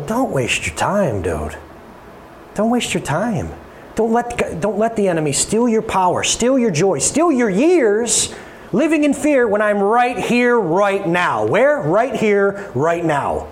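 Male pastor, high and lively voice, playful sermon delivery, faint room hum behind. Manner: animated, playful, acts out voices.

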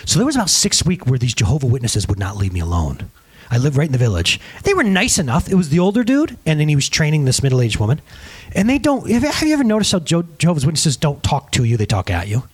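A man's voice: a little high, fast talker, breathy edge. A middle-aged man preaching a sermon to a congregation, joking and acting out the people in his stories. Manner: animated, joking, acts out quotes. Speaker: pastor. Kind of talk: sermon with storytelling.

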